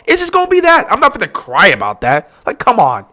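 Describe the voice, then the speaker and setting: A man's voice: high-pitched, big pitch swings, fast talker, sharp tone. A man hosting a casual live stream, talking over a football game and mocking upset fans with whiny impressions.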